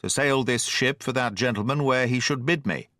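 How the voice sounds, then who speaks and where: A man's voice: medium pitch, moderate pace, sharp tone, no echo, studio quality, close to an everyday voice. A man reading a blunt, stern sea captain. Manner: blunt, clipped, plain-spoken.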